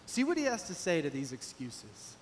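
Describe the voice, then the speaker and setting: A male pastor with a notably high-pitched voice delivers a sermon in a church. He talks animatedly and slips into the voices he quotes. His quiet asides give way to louder, emphatic lines. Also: huge pitch swings, moderate pace. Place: church sanctuary.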